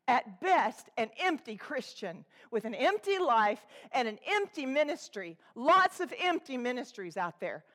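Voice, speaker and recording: A woman preaching a sermon to a congregation, swinging between loud exhortation and hushed, intense asides. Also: fairly high pitch, sing-song, moderate pace, hardly any pauses. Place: church room with a congregation.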